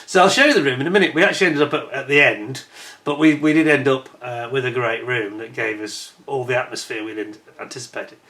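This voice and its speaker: A man's voice: medium pitch, fast talker, sharp tone. A middle-aged man from Britain telling a rambling, chatty story over holiday photos, correcting himself as he goes. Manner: chatty, rambling, self-correcting, indignant when retelling complaints. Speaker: vlogger.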